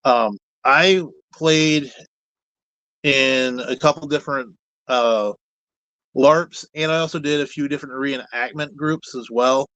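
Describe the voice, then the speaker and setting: A man talking as a guest in a relaxed, meandering way, candid and a little salty with his words. His voice sits at an ordinary middle pitch. The sound is dry and close, without room echo. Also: slow. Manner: rambling, candid, peppered with mild cussing. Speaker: guest, puppet builder. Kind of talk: casual chat.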